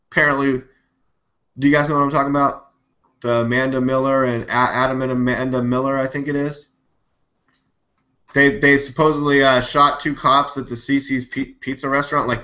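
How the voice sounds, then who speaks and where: A man hosting a live news stream, talking in a rambling, animated, skeptical way and swearing now and then. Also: medium pitch, moderate pace. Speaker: live news show host. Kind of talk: casual live-stream commentary. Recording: dull lo-fi webcam audio.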